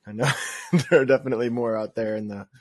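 A man co-hosting a casual podcast, quick-witted and teasing. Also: medium pitch, steady tone, darkish tone, slightly rough. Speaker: podcast co-host. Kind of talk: casual chat.

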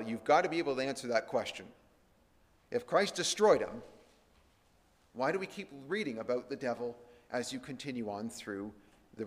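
A man teaching a Bible sermon, slowing and raising his voice when he reads scripture aloud. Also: mid-range voice. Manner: slows and lifts his voice to read scripture aloud. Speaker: preacher. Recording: long hall reverb.

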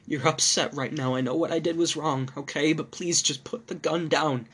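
A man voicing a frantic adulterous wife, raising his voice high and panicked as he reads a horror story. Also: steady tone, moderate pace, a bit bright, slightly rough. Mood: pleading. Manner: shrill, panicked pleading.

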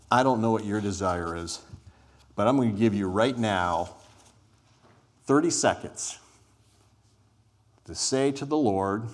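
A man giving a conversational, inviting sermon to a congregation as a guest preacher. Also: fairly low pitch. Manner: conversational, inviting, acts out scripture scenes. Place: church hall before a live congregation.

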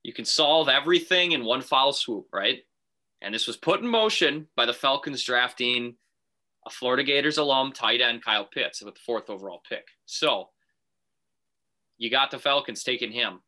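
A man co-hosting a casual sports talk show, telling a made-up phone call with animated put-on voices. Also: medium pitch, normal speed. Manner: animated storyteller, acts out phone calls. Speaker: podcast co-host.

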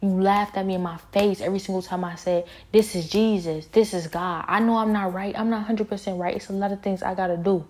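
A woman's voice: mid-range voice, steady tone, fairly quick, hardly any pauses, a little mellow. A woman talking in a casual spoken monologue, intense and rambling, with pointed, confrontational questions and many fillers.

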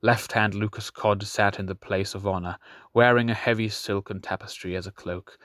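A man narrates a fantasy audiobook in a steady, measured storytelling style. His voice is on the low side, recorded cleanly in a studio with no room sound.

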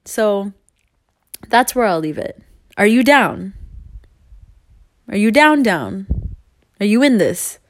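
A woman's voice: mid-range voice, expressive, slow pace, long pauses. A young woman talking straight to her viewers in a rambling, earnest way, laughing often and swearing casually. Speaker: vlogger.

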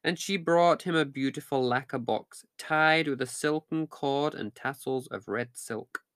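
A man narrating a fairy tale in a steady, measured reading voice. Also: mid-range voice, clean tone, no echo, studio quality. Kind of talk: storybook reading.

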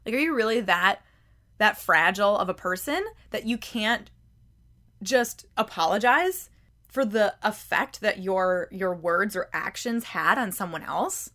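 A woman hosting a self-help podcast, her voice sitting mid-pitch for a woman. She talks in a loose, conversational way, often repeating words as she goes. She presses her points with pointed rhetorical questions. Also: unhurried, bright, forceful tone. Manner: emphatic, challenging rhetorical questions; conversational, frequent word repeats. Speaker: podcast host.

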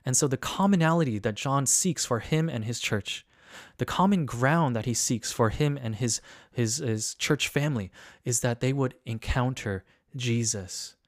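A man's voice: mid-range voice, normal speed, dry recording, studio quality. A man preaching an earnest sermon with repeated questions and rising emphasis, speaking to listeners remotely. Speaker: pastor. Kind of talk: online sermon.

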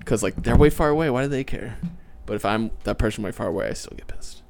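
This young man hosts a loose podcast with his friends. He rambles through everyday stories, laughs often and lets his voice rise when he gets worked up. His pitch sits in the middle of the range for a man. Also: fast, darkish tone. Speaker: podcast host. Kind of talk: casual podcast chat.

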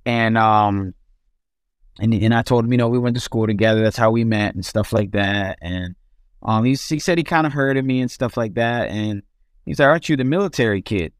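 A man's voice: fairly low pitch, fairly even intonation, normal speed, clear, resonant tone, no echo, studio quality. A young man casually telling his life story as an interview guest, loose and rambling with many restarts.

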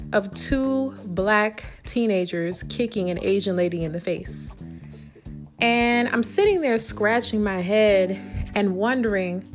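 Lady vlogging at home, fired up storytelling, faint guitar music behind. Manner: animated, indignant storytelling with pitch jumps. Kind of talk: personal storytelling.

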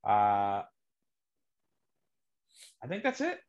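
A man's voice: fairly low pitch, wildly swooping pitch, very slow, darkish tone, muffled recording. A man hosting a casual sports podcast, rambling and filling gaps with "uh". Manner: rambling, many fillers. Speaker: podcast host.

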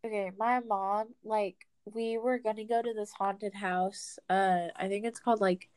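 A young woman co-hosting a casual podcast tells stories in a rambling, filler-heavy way. Her voice sits in a middle pitch, recorded close and dry with no room sound. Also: steady tone, a little slow, darkish tone, clear, resonant tone, dry recording. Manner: chatty storyteller, lots of fillers. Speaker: podcast co-host. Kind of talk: casual chat.

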